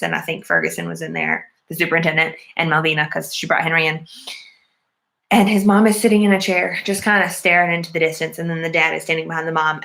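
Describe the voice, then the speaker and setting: A woman's voice: fairly low pitch, creaky, pushed and bright. A woman recapping a film in a casual, chatty way, full of "like" and "um", earnest about the story. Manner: chatty, lots of "like" and "um" fillers. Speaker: movie reviewer. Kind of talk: casual plot retelling.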